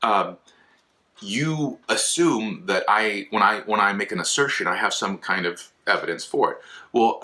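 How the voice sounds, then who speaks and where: Animated, bright-voiced philosophy teacher. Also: male voice, on the low side. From California. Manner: animated, acts out quoted voices, many restarts. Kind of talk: casual lecture to camera.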